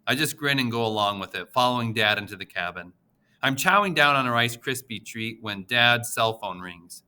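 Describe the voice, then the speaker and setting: Man, audiobook narration, expressive emotional reading, very bright timbre, mid pitch. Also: moderate pace, smooth.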